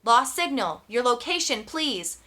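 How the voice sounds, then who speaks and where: A woman's voice: a little high, big pitch swings, a little slow, bright, forceful tone, full character voice. Woman voicing a clipped male radio operator. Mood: businesslike. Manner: clipped, formal radio procedure talk.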